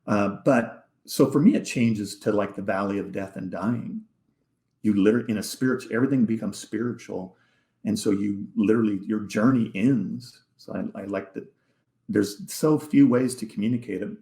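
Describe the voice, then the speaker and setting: A man with a low, gravelly voice recounts a deeply personal story as a podcast guest. He speaks haltingly, doubling back on his words and at times sinking almost to a whisper. The sound is roomy and echoey. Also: mellow. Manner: halting, repeats words, drops to near-whisper. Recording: echoey room.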